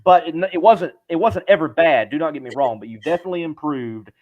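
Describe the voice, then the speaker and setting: A man's voice: fairly high pitch, fast, dull audio. A man from southern Louisiana hosting a live talk show, friendly and joking, often repeating his words. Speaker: host. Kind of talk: casual live show chat.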